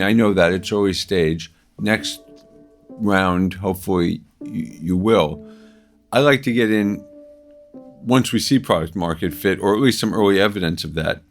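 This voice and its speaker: A man as an investor, asking questions and weighing a deal in a deliberate, repetitive way. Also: on the low side.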